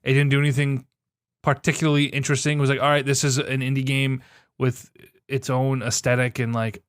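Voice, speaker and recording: A young man co-hosting a casual podcast, sarcastic and swearing freely, with animated outbursts. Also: mid-range voice, fairly quick, clear, resonant tone, dry recording, clean studio sound. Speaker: podcast co-host. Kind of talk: casual chat.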